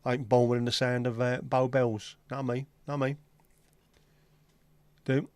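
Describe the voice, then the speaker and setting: A man's voice: mid-range voice, level tone, unhurried, no room sound. A man hosting a casual livestream chat, rambling and joking with frequent swearing. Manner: rambling, jokey and sweary, slips into silly voices. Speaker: livestream host.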